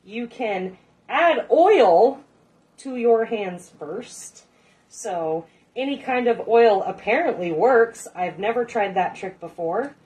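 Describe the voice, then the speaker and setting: A woman's voice: fairly high pitch, lively intonation, slow, darkish tone. A middle-aged woman hosting a casual cooking livestream, chatting with viewers, swearing casually and laughing often. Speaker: cooking show host.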